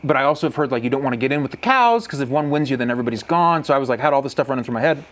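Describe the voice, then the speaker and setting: A young man telling a hunting story in a casual chat, excitable, laughing often and acting out animal calls. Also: medium pitch, very fast.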